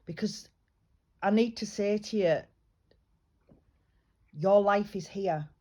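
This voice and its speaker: A woman working as a psychic medium, giving a private reading in a chatty, reassuring way, often pausing and restarting her sentences. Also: mid-range voice, a little mellow. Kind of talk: private spiritual reading, casual chat.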